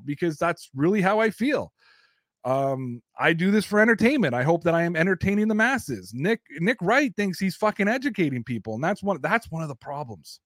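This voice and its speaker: A man's voice: high voice, no room sound, clean studio sound. A Canadian man hosting a casual sports talk show, blunt, profane and opinionated. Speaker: sports podcast host.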